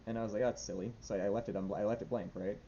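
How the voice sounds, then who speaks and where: A man's voice: fairly even intonation, very fast, dark tone. A young man rambling nervously in a casual diary vlog, with lots of fillers and restarts. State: anxious. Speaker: vlogger. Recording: dull lo-fi with faint rumble.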